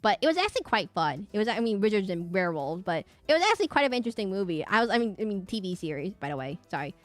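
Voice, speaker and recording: A woman's voice: mid-range voice, very animated, very fast, no echo, soft background music. A woman streamer chatting casually and rambling from topic to topic at her home setup.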